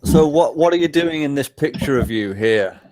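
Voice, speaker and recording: A man's voice: a little high, lively intonation, moderate pace, a little mellow. A man chats casually, hesitating often and restarting his sentences. His voice sits in a dead, dry space with no room echo. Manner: hesitant, many fillers and restarts. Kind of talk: casual chat.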